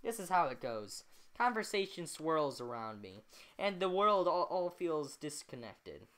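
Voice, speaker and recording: Lively low-voiced woman reading a novel. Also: measured pace. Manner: chatty, laughs at her own slips, breaks off to comment. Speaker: amateur reader. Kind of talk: reading a novel aloud with asides.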